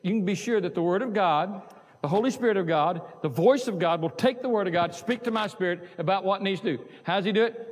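A male pastor preaching a sermon in a folksy, conversational way, repeating phrases and putting questions to the congregation. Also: a little high. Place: church sanctuary. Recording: preached in a church hall with long reverb.

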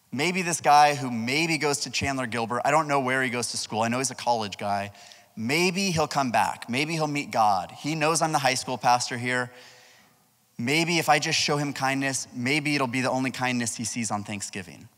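A man preaching to a youth group as its pastor, telling a personal story with lively energy and asking the crowd questions. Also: medium pitch, moderate pace. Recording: long hall reverb.

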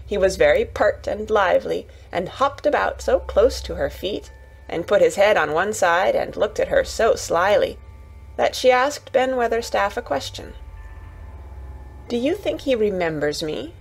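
Breathy woman reading a bedtime story. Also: medium pitch, animated, normal speed, rough recording.

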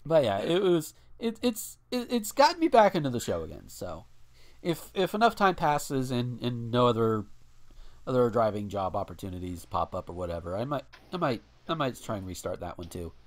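Man, podcast host, casual chat, rambling, swears a lot, animated pitch. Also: normal speed. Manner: rambling, swears freely, frequent restarts.

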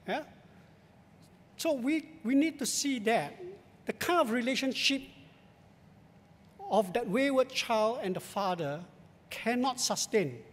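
Male Singaporean pastor, high voice, measured emphatic sermon in a church. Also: lively intonation. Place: large church sanctuary. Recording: long church hall reverb.

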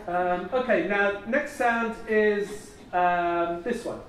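A man leading a conference audience through an energetic voice warm-up, coaxing and theatrical, laughing often. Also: high voice, slow pace, few pauses, a little hiss or hum. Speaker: plenary speaker leading a voice warm-up. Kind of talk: leading a group vocal exercise at a conference. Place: large conference hall. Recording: very echoey hall, mic far off.

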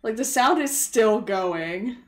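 A woman's voice: a little high, expressive, slow pace, faint music behind. A woman streaming a video game live, chatting casually, reading chat aloud, laughing and swearing.

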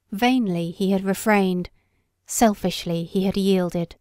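A woman reading a story aloud as an audiobook narrator, in a measured, unhurried way. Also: mid-range voice, darkish tone, no echo, clean studio sound. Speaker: audiobook reader. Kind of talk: scripted narration.

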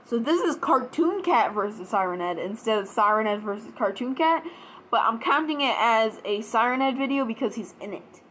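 A woman's voice: fairly high pitch, a bit bright, a little hiss or hum. A woman hosting a reaction video at home, rambling casually with lots of fillers. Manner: rambling, filler-heavy talk.

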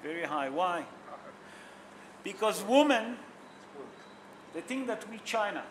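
Slowly and with big swings in pitch, a man whose voice sits high and a bit bright gives a rabbi's sermon over a little hiss or hum. He shares stories emotionally and asks the audience questions, his English non-native and grammatically simple.

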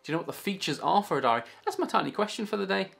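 A man's voice: high-pitched, expressive, rapid-fire, gravelly, fairly bright tone, soft background music. A man teaching a writing lesson for children in an upbeat, chatty and playful way.

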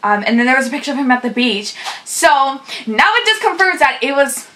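A woman's voice: high-pitched, big pitch swings, a little fast, pushed and bright, slight background noise, poor audio. A young woman hosting a fan reaction video, gushing and squealing as she reacts, with faint music behind her. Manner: gushing, squealing, breathless fangirling. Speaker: YouTube reaction host. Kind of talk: excited fan reaction vlog.

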